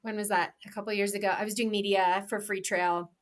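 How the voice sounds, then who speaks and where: A woman with a medium-pitched, level voice talks a little fast. She's a professional trail runner co-hosting a podcast, chatting casually with enthusiasm and rambling through plenty of fillers and restarts.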